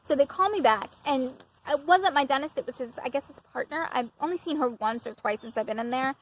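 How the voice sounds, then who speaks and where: High-voiced woman telling a story. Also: fairly quick, slight background noise, poor audio. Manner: chatty and self-mocking, with frequent laughter. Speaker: vlogger. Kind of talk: casual storytelling. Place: outdoors.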